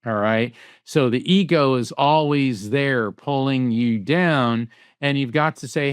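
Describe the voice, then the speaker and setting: A man speaking as a guest in an interview, answering emphatically with rhetorical questions and lively anecdotes. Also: medium pitch, slow pace, smooth, no echo, studio quality. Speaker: psychic medium and guest.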